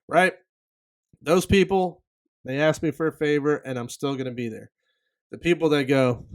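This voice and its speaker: A man in his thirties delivers a loose solo podcast rant at a middle-range pitch. He rambles and restarts, and he drops into little acted-out exchanges with the people he quotes. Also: normal speed, pauses often. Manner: rambling, candid, acts out quoted people in asides. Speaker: podcast host.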